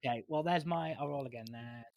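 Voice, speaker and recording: A man's voice: mid-range voice, fairly quick, noisy background. A man playing in a tabletop game, talking through the rules and describing his character's feelings. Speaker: player. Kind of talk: casual tabletop game chat.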